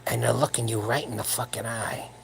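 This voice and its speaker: A man's voice: mid-range voice, level tone, brisk, vocal fry, slight background noise. A man in his seventies hosting a late-night livestream for his powerlifting channel, talking in a crude, rambling, joking way from home while his wife sleeps nearby. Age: 70s.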